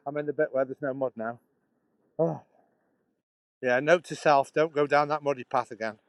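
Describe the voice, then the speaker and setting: Chatting to his live-stream viewers via a phone he holds while walking a canal towpath, a middle-aged Englishman rambles, chuckles and restarts phrases in a Stoke-on-Trent Potteries accent with dropped H's. His mid-range voice has fairly even intonation and an unhurried pace. The audio has no echo but is poor.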